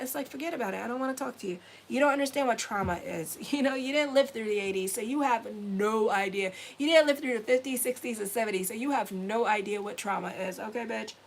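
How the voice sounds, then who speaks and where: Woman astrologer in her forties, slightly high voice, blunt and profane, chatty horoscope reading. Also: quick pace, hardly any pauses. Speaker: astrologer and tarot reader. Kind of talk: casual weekly horoscope reading.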